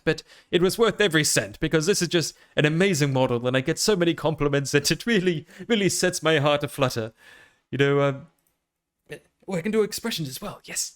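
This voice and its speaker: An Australian man chatting casually on a live stream, rambling and self-amused with plenty of fillers. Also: on the high side. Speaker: VTuber streamer.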